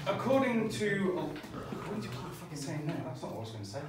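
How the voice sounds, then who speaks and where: This stand-up comic has a high voice with big pitch swings and a quick pace. He banters with a small-club crowd in a sweary, conversational style while the audience laughs. The live venue recording is distant and echoey, with heavy noise.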